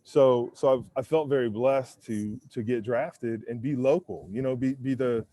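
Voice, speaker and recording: Outdoors on a windy rooftop, a mellow-voiced American man in his forties, once a pro football lineman, tells stories as an interview guest at a moderate pace in a mid-range voice. He's laid-back and candid, leaning heavily on fillers like "man" and "you know," and he acts out what others said.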